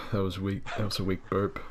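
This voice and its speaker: A man's voice: deep voice, little pitch movement, moderate pace, background noise. A man hosting a podcast in casual, crude, joking chat, swearing freely. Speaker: podcast host.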